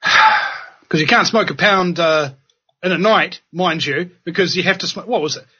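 A man's voice: high-pitched, normal speed, sharp tone, husky. Impassioned New man ranting. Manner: sarcastic and impassioned. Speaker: podcast host. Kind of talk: ranting commentary. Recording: dull lo-fi audio.

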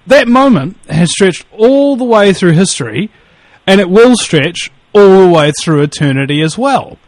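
A man guesting on a podcast chats casually over a call, rambling through stories, swearing, and laughing at his own jokes. His voice is high and very animated, at a measured pace with no echo.

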